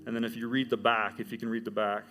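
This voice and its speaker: A middle-aged man telling his church testimony as a teacher, with animated storytelling. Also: medium pitch, fast talker, faint music behind. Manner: animated storytelling, acts out quoted voices. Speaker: high school teacher giving a testimony.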